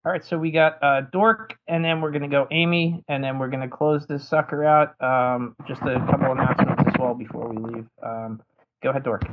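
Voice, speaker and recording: A man's voice: mid-range voice, fairly even intonation, brisk. A man moderating an online room, calling on speakers in an easygoing, chatty way. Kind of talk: casual chat. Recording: tinny phone-like line.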